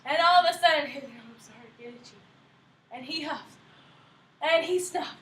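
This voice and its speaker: A woman storyteller reading a picture book aloud to listeners in an animated and expressive way. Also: sits high, moderate pace, a little hiss or hum. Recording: echoey room from a distance.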